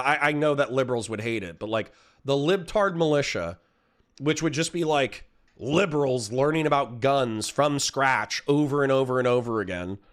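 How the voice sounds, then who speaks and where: A man ranting casually on a livestream, swearing often, rambling from idea to idea and reading chat aloud. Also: medium pitch. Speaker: streamer.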